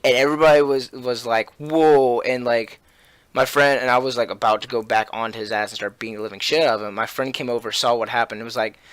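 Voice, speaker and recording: Animated profane young man, dry sound. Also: mid-range voice, fast talker, clear, resonant tone, no room sound. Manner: animated, profane, with many fillers and restarts. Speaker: podcast host. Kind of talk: casual storytelling chat.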